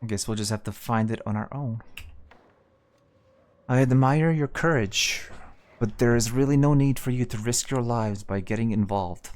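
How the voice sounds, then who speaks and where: A man voicing a smooth town councilman, soft-spoken, even, game dialogue read aloud. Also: medium pitch, normal speed, natural voice. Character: smooth-talking male town council official.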